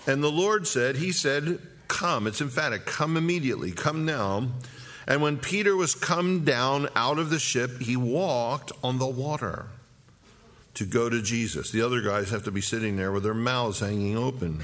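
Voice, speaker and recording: Middle-aged guy pastor going verse by verse, slow reading then quick jokey asides, even mid voice. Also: medium pitch. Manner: reads scripture slowly, then comments in a quick, joking aside. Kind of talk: Bible teaching sermon.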